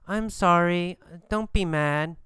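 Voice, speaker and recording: Timid woman stammering , voiced by a male teacher, clear and bright. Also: sits high, no echo, clean studio sound, pitched above the performer's own voice. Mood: hesitant. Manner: hesitant, halting. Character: hesitant nervous woman student.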